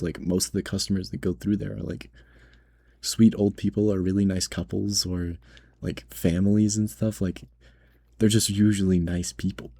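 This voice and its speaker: A man with a low, mellow voice rambles through a casual storytime vlog, leaning on "like" and "right?" as he goes. His tone is slightly husky and nervous-indignant, and the sound is dry and close. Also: no echo. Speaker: grocery cashier.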